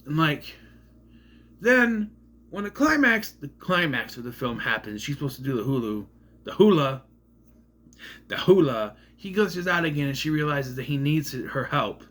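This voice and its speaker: A man's voice: fairly high pitch, animated, normal speed, a bit bright. A man giving a casual, rambling film review, sarcastic and often tripping over names. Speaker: movie reviewer.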